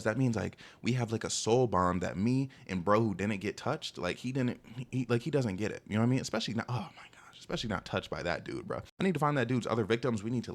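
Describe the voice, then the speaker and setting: Fast-talking, animated young man. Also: medium pitch. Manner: animated, exasperated, peppers speech with "bro". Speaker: storyteller. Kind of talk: casual storytime monologue.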